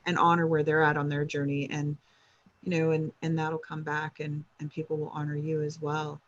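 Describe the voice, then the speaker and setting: A woman guest telling a story in a casual chat, animated and laughing, with bits of acted dialogue. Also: low voice, moderate pace, no room sound, lo-fi sound.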